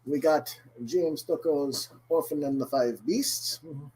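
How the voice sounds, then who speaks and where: Husky man faking an Irish accent. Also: on the high side, darkish tone, low-quality recording. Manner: puts on an exaggerated, deliberately bad Irish accent; chatty, sprinkles in "mm-hmm" fillers. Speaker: host. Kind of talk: casual comic book haul chat.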